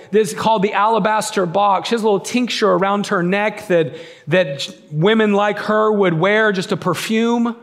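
A pastor preaching a sermon and retelling a story in a casual, conversational way, with frequent restarts. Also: male voice, high voice.

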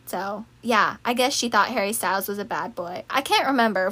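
A young woman talking through song lyrics in a casual, chatty way, reeling off lists and breaking into excited asides. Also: mid-range voice, fairly quick. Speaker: fan video creator. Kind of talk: casual lyric analysis talk.

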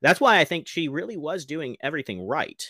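A man's voice: a little high, a little fast, no room sound, clean studio sound. A man co-hosting a podcast, chatting casually and animatedly about a TV episode, laughing often. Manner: animated, laughs a lot, acts out quotes. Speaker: podcast co-host. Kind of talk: casual TV recap chat.

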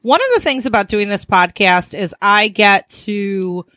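A woman's voice: medium pitch, measured pace, bright, forceful tone, no echo. A woman co-hosting a podcast, chatting casually and laughing easily. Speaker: podcast co-host, book editor. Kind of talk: casual chat.

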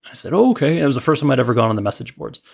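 Gravelly-voiced man telling a story. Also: medium pitch, very fast. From Illinois, USA. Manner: loose and rambling, many fillers and restarts. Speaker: podcast guest. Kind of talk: casual storytelling.

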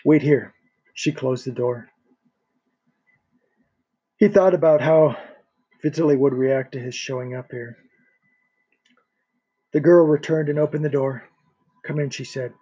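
Husky male audiobook narrator. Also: medium pitch, unhurried, pauses often. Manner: steady reading with small restarts.

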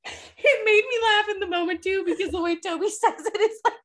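A woman's voice: very high-pitched, a little fast. A woman co-hosting a podcast, chatting casually about a TV episode and acting out lines with lots of laughter. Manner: animated, giggly, acts out quotes. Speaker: podcast co-host. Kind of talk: casual chat recapping a TV episode. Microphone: podcast microphone.

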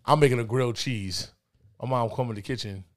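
A man's voice: mid-range voice, a little fast. Laid-back man telling a story. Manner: laid-back, slangy, animated when quoting others. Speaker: podcast co-host. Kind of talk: casual storytelling. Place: indoors, podcast setting.

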